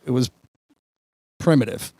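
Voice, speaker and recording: A man's voice: measured pace, dark tone, no room sound. Podcast host, man, self-mocking rambler, dry close sound. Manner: rambling, self-mocking anecdote with filler words. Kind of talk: casual storytelling chat.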